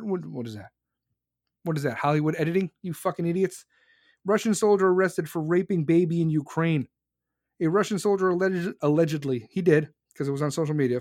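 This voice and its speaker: A young podcast host rants angrily and profanely about politics, heated and emphatic. His voice is high-pitched with a darkish tone, recorded with clean studio sound and no echo.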